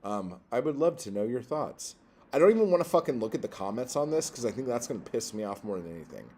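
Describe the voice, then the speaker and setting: A man hosting a poetry livestream, ranting in a profane, exasperated way, jumping from loud outbursts to low muttering. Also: very animated, fast, husky.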